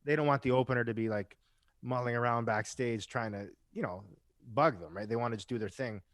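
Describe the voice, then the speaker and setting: A man's voice: mid-range voice, brisk, dry recording, studio quality. A man guesting on a podcast, telling stories in a casual, chatty way, often tagging lines with "right?" and swearing now and then. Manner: chatty storyteller who keeps asking "right?". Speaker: podcast guest, rock musician. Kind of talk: casual chat.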